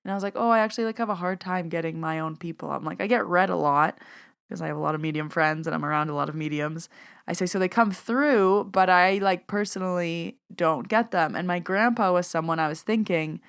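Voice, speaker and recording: A woman's voice: fairly low pitch, a little fast, gravelly, clean tone. A woman hosting a podcast, telling a personal story in a chatty way and often acting out both sides of a conversation. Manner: chatty, retells conversations with quoted dialogue. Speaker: podcast host and medium. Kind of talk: casual storytelling monologue.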